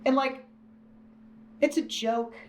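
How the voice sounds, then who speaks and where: Man, interview guest, casual storytelling, stammers and restarts, room echo with light ambient noise. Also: slow pace. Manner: stammering restarts, swings into high animated delivery. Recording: echoey room with faint ambience.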